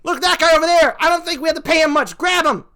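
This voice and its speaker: Comedian doing a cheapskate TV producer, high and pushy, bright tone. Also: quick pace. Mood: scheming. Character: stingy male TV producer, pushy.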